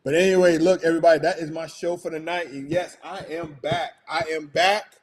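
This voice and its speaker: A man's voice: a little high, steady tone, brisk, crowd noise. A middle-aged man hosting his own show, signing off in a loose, rambling way, chuckling often, his throat going out. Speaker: podcast host. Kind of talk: casual show sign-off.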